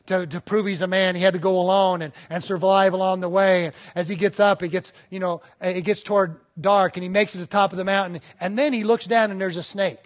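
With a high-pitched, steady voice, a male pastor talks fairly quickly and hardly pauses. His conversational sermon keeps checking in with the congregation, and he acts out voices as he tells little stories.

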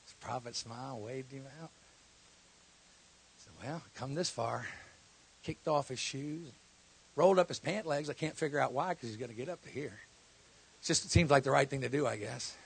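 A man preaching a sermon, telling a story and then building to loud, shouted exhortation before a church congregation. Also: medium pitch, moderate pace, vocal fry, pauses often, husky. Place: church hall.

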